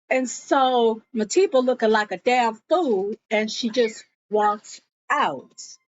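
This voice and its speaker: A woman's voice: a little high, slow pace, hardly any pauses, a little hiss or hum. A woman vlogger casually recapping a TV episode, telling it as a story and slipping into the characters' lines. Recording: dull lo-fi audio.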